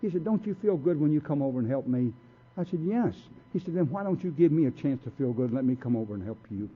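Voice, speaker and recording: An animated man with a slightly rough, high-side voice talks at a quick pace, sharing his story bluntly and streetwise at a recovery meeting and acting out what people said. It's captured on a tinny, phone-like recording.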